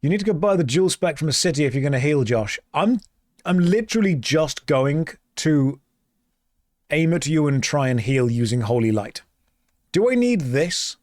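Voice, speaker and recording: A man's voice: a little high, lively intonation, normal speed, a little mellow, no room sound, studio quality. A man streaming a game, reading chat aloud and answering in a playful, exasperated way. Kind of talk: casual gaming stream chat.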